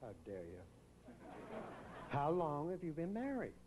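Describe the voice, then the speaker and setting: A man hosting a live pageant on stage, teasing the contestants with quick jokes as he interviews them. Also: a little high, huge pitch swings, noisy background. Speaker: pageant host. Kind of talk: joking live pageant emcee.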